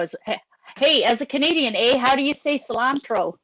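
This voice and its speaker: A woman's voice: high voice, animated, brisk, fairly bright tone, no echo, rough recording. A woman chatting on a panel in a wry, joking manner. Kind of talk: casual panel chat.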